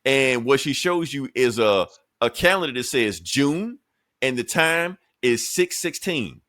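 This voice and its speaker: A man's voice: medium pitch, animated, fairly bright tone, no echo, studio quality. Laid-back man recapping comics. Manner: laid-back, profane, recaps comics with quick put-on quotes. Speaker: podcast co-host. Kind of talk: casual comic book chat.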